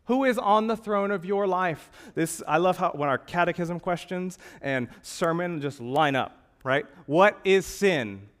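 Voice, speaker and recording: A male pastor preaching a sermon, asking rhetorical questions and swinging between emphatic, loud lines and hushed ones. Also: high-pitched, measured pace, hardly any pauses.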